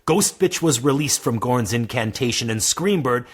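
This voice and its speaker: A man's voice: medium pitch, expressive, normal speed, husky. A man reading his own comedic fantasy story aloud, casual and joking as he narrates. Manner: laughs through his own jokes, casual asides.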